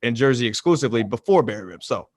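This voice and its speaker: A man's voice: mid-range voice, lively intonation, fast talker, no room sound, studio quality. A man from the American South hosting a podcast, talking loosely with lots of fillers. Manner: loose, rambling, many fillers. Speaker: podcast host. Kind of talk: casual chat.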